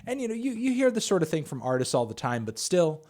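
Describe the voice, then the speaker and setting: In a casual livestream Q&A, a man who reviews music answers viewers with a slightly high, slightly mellow voice, big swings in pitch and a quick pace. He sounds loose and conversational, using lots of fillers and swearing now and then.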